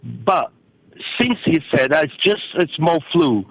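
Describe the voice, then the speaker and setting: Halting Brazilian caller on a phone line. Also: male voice, a little high, lively intonation, gravelly, a bit bright, husky, dry recording. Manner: halting, many fillers and restarts.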